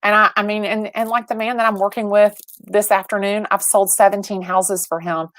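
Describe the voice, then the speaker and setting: A woman in her forties, a real estate agent and guest, telling stories with lively acted-out dialogue over a video call. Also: mid-range voice, fairly quick, no room sound. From Atlanta, Georgia. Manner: animated storyteller, acts out quoted dialogue, many restarts. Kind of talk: livestream interview storytelling.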